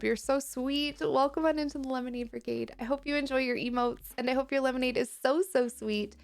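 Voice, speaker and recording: A woman streaming live, chatting with her viewers, reading their messages aloud and reassuring them gently and warmly. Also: fairly high pitch, steady tone, fairly quick, few pauses, faint music behind. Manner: gentle, reassuring and affectionate toward chat.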